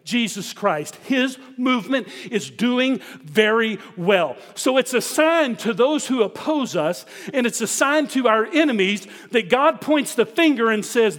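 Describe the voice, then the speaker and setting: A pastor preaching a sermon, emphatic and full of rhetorical questions put to the congregation. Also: male voice, very high voice, animated, measured pace, hardly any pauses, a bit bright, big-room sound.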